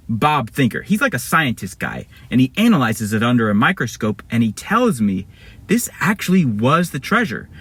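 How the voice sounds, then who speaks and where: A man's voice: mid-range voice, fairly bright tone, slightly rough. A man telling a made-up adventure story casually, rambling and correcting himself as he goes.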